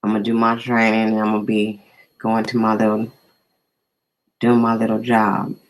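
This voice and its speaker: A man's voice: on the low side, completely flat delivery, normal speed, low-quality recording. A man hosting a casual live stream, chatting easily and greeting viewers by name.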